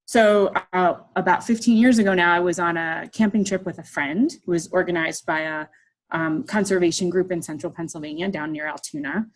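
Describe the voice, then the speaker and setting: A middle-aged woman who is an artist delivers a lighthearted talk to an audience, bringing a personal anecdote to life with self-deprecating energy and voices for its characters. She talks briskly in a lowish voice.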